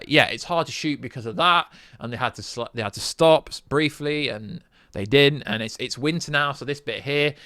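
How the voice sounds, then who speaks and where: A young British man hosting a casual film news vlog, sarcastic and animated, rambling as he debunks a story. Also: medium pitch, no room sound, clean studio sound. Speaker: YouTube film news host.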